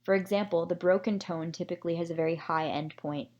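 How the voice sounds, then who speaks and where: A woman presenting a summary of a research study in a measured, explanatory way, with occasional fillers. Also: on the low side, fairly even intonation, a little mellow, highs cut off. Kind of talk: scripted academic presentation.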